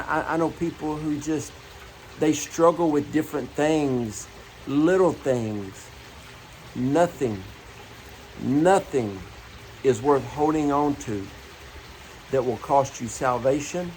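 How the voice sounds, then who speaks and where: A male preacher giving a morning devotional, speaking earnestly and pressing his main point through repetition. His voice sits a little high for a man, and he weaves personal stories into the message. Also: darkish tone, a little hiss or hum, poor audio. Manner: earnest, repeats key phrases, tells personal stories.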